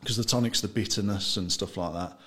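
Chatty man, lowish voice. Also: brisk, fairly bright tone. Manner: chatty, loose, laughs often, trails off mid-sentence. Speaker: gin brand founder, guest. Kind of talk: casual interview chat.

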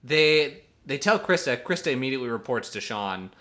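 A man's voice: medium pitch, sing-song, brisk, a bit bright. A man co-hosting a podcast, recapping events in an easygoing, casual way and chuckling often. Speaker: podcast co-host. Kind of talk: casual chat recapping a reality show.

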